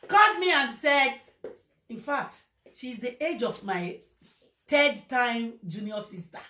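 Animated Nigerian woman, high voice. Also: takes it slowly. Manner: animated storytelling, slipping into Pidgin. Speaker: social media presenter. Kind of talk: casual livestream monologue. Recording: echoey room.

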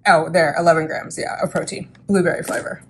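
A woman's voice: low voice, level tone, a little fast, breathy edge. A woman in her thirties chatting casually in a vlog, talking herself through her breakfast and her groceries. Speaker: vlogger.

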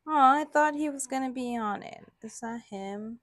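A young woman from Latin America, vlogging an excited unboxing and gushing with delight. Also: high-pitched, normal speed, no room sound, clean studio sound. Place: in the Philippines.

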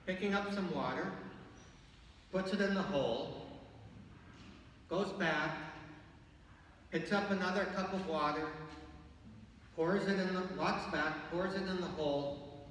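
Older priest preaching in an echoing church. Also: male voice, high voice, a little slow, long pauses, a little hiss or hum. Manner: conversational, storytelling, gently humorous. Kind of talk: sermon. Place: large church. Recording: echoey church from far off.

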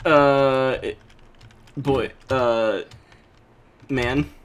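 A man's voice: mid-range voice, steady tone, drawn-out words, clear, resonant tone. A young man hosting a casual let's play with friends, joking, laughing and reading game prompts aloud with lots of restarts. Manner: goofy, laughing often, rambling restarts.

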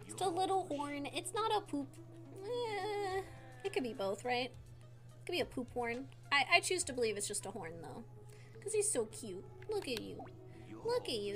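High, gushing young woman gamer. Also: sing-song, normal speed. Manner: gushing, squealy, laughs often. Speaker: streamer playing a video game. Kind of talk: excited gameplay commentary. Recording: faint game music behind.

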